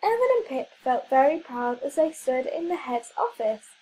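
A woman reading a children's story aloud, clear and expressive. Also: high-pitched, moderate pace, low-quality recording.

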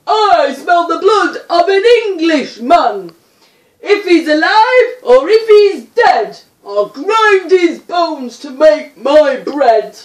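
A woman voicing a huge, menacing male ogre in a storybook reading, shouting his chant and drawing out the end. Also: very high-pitched, very animated, slow, pitched above the performer's own voice, heavily acted. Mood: bellowing. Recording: roomy sound from far off.

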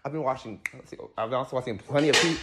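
A man's voice: medium pitch, very fast, over loud music. A young man in a casual comedic monologue at home, jumpy and slangy, often exclaiming. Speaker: comedy skit creator. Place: at home indoors.

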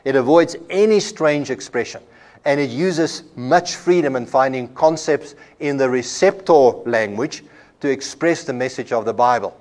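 A man's voice: medium pitch, a little mellow. A man giving a classroom lecture at a Bible college, explaining with everyday examples and often repeating a word as he restarts. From South Africa.

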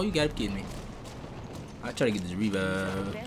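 A man streaming live gameplay, talking casually, excitable and swearing a lot, sometimes making gun-sound noises. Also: lowish voice, fast talker. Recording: game noise under the voice. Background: loud game sound effects.

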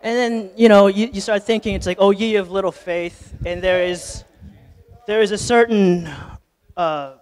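A man's voice: high-pitched, fairly even intonation, moderate pace. A man giving a sermon, with casual, joking asides that rise into fervent, impassioned preaching. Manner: conversational, joking preaching that builds to impassioned shouting. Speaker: lay preacher. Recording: long church reverb.

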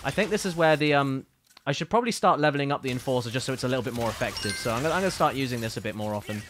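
A man's voice: mid-range voice, expressive, rapid-fire, noisy background. Playful man streaming a game. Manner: playful, teasing, chatty. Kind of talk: casual gameplay commentary.

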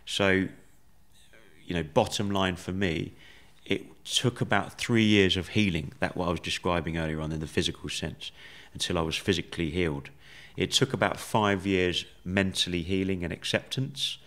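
Deep-voiced guy on a podcast, slow thoughtful storytelling, lots of ums. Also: steady tone, fairly bright tone. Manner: measured, reflective, with many fillers. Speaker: podcast guest. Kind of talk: conversational storytelling.

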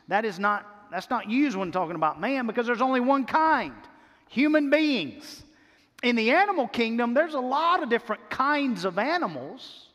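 Male pastor, high voice, emphatic sermon delivery with repeated phrases, church hall reverb. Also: expressive, fairly bright tone. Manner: emphatic preaching with repeated phrases and slowed key words. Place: church sanctuary.

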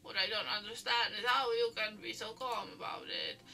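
A woman's voice: a little high, big pitch swings, normal speed, gravelly, far from the mic, over music. A woman reading the lines of a frightened young girl from a game, earnest and pleading.

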